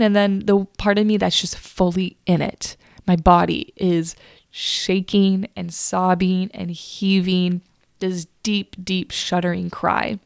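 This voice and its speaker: A woman hosting a solo podcast, telling a personal story in a confiding, emotional way, often halting and restarting. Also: on the low side, little pitch movement, creaky, darkish tone, clean tone, no room sound, clean studio sound. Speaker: podcast host.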